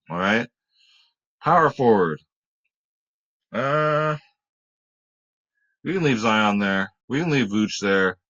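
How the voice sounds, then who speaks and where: A man's voice: on the low side, a bit bright, highs cut off. A young adult man hosting a fantasy sports picks video, chatting casually and joking with his cat. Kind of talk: casual chat.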